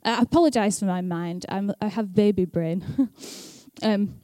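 A woman's voice: mid-range voice, moderate pace, warm tone, no echo. A young woman speaking at church in a chatty, self-deprecating way, laughing often, then reading scripture aloud. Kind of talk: casual talk and scripture reading.

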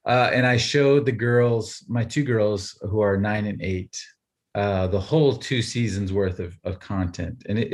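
Brief: male co-host, 30s, animated storyteller, lowish voice. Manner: animated storyteller, laughs often. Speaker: podcast co-host. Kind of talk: casual chat.

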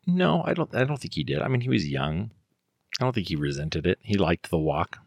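A middle-aged man chatting casually on a podcast, telling family stories in a relaxed way with fillers. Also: low voice, fairly quick, slightly rough, no room sound, studio quality. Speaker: guest.

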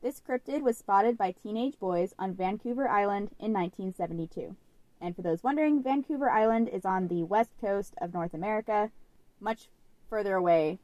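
A woman's voice: medium pitch, a little mellow, dry recording. A young woman co-hosting a podcast, telling a story in a chatty, casual way full of "like" fillers. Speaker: podcast co-host.

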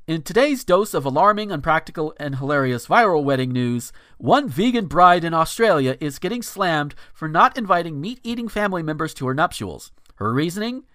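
A man's voice: fairly high pitch, fairly bright tone, no room sound, clean studio sound. A man hosting a podcast, reading viral news with sarcastic asides and frequent stammered restarts. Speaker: podcast host. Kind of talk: casual news commentary.

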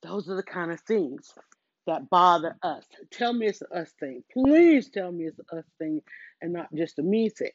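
A woman's voice: fairly low pitch, lively intonation, moderate pace, no echo, muffled recording. A middle-aged woman, talking casually and rambling while she does chores at home, interrupting herself and acting out her own thoughts. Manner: chatty, self-interrupting, storytelling with quoted self-talk. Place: at home, moving between rooms. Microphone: headset.

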